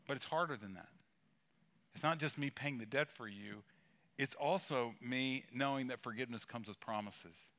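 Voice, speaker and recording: A male pastor delivering a sermon with a bright, forceful voice. He talks in a conversational way, leaning hard on key words and slipping in humorous asides. His pitch sits in an ordinary middle range for a man.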